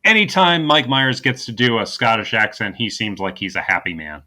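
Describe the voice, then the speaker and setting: A man's voice: on the low side, lively intonation, normal speed, pushed and bright. A man co-hosting a podcast, recapping a movie in casual chat with dry sarcastic jokes and many ums and restarts. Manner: dry sarcastic humor with frequent fillers and restarts. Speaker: podcast co-host.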